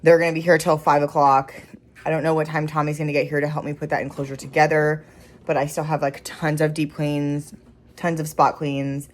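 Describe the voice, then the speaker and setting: A woman's voice: low-pitched, level tone, a little fast. A young woman who runs an animal rescue, talking casually and emotionally in a vlog, with many fillers. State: pregnant. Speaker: wildlife rescue owner.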